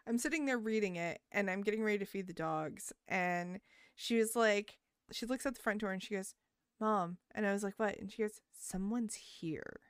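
A woman's voice: medium pitch, brisk, smooth, no echo, studio quality. A middle-aged woman in casual chat, telling stories and acting out the lines she quotes. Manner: animated storyteller, acts out quotes.

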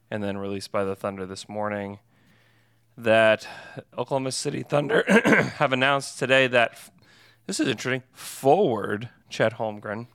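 A man's voice: mid-range voice, a bit bright, smooth, dry recording, studio quality. A man hosting a sports podcast, chatting casually with fillers and self-corrections. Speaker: podcast host.

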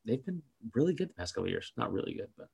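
A man's voice: medium pitch, sing-song, racing, gravelly, a little mellow, husky, dull audio. A man co-hosting a casual podcast, telling a story in a rambling way, with lots of filler words and casual swearing. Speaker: podcast co-host.

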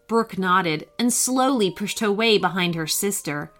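A woman narrating a children's story, reading aloud gently and expressively. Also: mid-range voice, expressive, a little slow, few pauses. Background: faint music.

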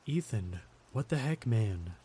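A man's voice: lowish voice, animated, slow pace, mellow, a little hiss or hum. A man voicing a frightened young male hiker who talks in a scared, breathless way. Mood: anxious. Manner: panting, scared.

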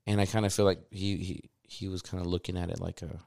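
A man in casual chat who tells stories with energy, acts out quotes loudly and swears freely. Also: low-pitched, level tone, fast, vocal fry.

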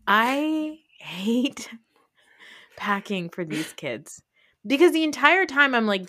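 She speaks slowly in a higher, bright, forceful voice with big pitch swings, captured in a dry recording. An American podcast host in her thirties with a New Jersey accent, she keeps the conversation casual and rambling, heavy on fillers.

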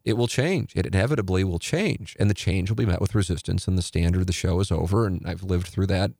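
A man's voice: sits low, quick pace, gravelly, a little mellow, dry recording, clean studio sound. A middle-aged man, a radio show host, talking candidly and rambling on a podcast. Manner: rambling, candid, self-correcting. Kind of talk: reflective podcast talk.

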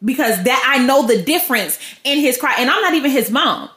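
A woman's voice: high voice, lively intonation, fairly quick, pushed and bright. A woman hosting a podcast, giving a casual, slangy devotional teaching in a storytelling way. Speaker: podcast host. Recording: roomy echo.

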